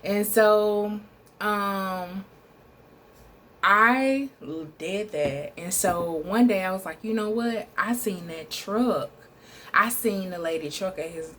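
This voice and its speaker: Profane, animated young woman telling a story. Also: fairly low pitch, takes it slowly, slight background noise. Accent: Southern US. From Texas, USA. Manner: animated, profane, addresses viewer as "girl". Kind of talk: casual storytime vlog. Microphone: phone.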